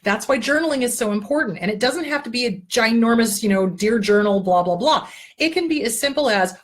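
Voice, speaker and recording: A woman with a husky, slightly breathy voice talks straight to her listeners as a therapist hosting her own show. She coaches them patiently through exercises, then drops in swear words and earthy asides. The delivery is plain and unpolished. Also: a little high, fairly quick. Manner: blunt, earthy and profane, with lively asides. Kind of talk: casual self-help advice talk.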